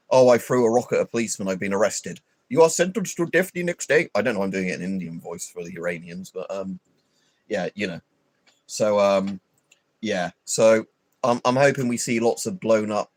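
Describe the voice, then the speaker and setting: A man's voice: fairly low pitch, no echo. A man hosting a livestream, rambling and swearing in an opinionated, casual chat full of fillers. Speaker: livestream host.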